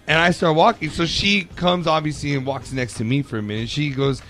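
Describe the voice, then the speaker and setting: A man co-hosting a radio show, chatting and retelling a story in a relaxed way. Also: a little high, a little fast. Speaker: radio co-host. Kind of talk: casual storytelling chat.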